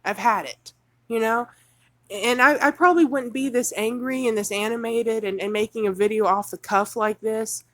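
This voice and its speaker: A woman's voice: a little high, steady tone, normal speed, dry recording. A woman ranting furiously off the cuff on a livestream, reading news excerpts aloud and mocking them. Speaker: livestream host.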